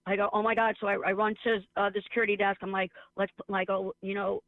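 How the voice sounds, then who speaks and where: A woman's voice: mid-range voice, quick pace, no echo. A woman who works as a teacher, chatting casually and telling stories with sarcasm, acting out the voices of the people in them. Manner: sarcastic, animated storyteller acting out dialogue. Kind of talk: casual chat. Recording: tinny phone-like line.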